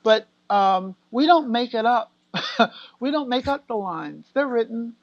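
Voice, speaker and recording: Animated American actress telling set stories. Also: female voice, a little high, unhurried, dry recording, lo-fi sound. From United States. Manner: animated storyteller, acts out quotes and laughs often. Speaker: guest actor. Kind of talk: casual interview chat.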